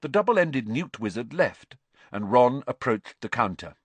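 A man narrating a storybook in an expressive, animated reading. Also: medium pitch, unhurried, slightly rough, dry recording. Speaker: audiobook narrator.

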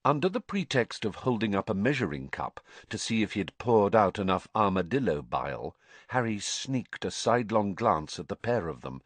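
A man narrates a novel as an audiobook, reading in a measured, expressive way. His pitch is fairly low, and there's no echo.

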